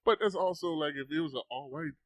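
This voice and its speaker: A man's voice: a little high, quick pace, a bit bright, dry recording. A man, a podcast guest, telling a story casually into a close mic. He swears often and acts out the voices.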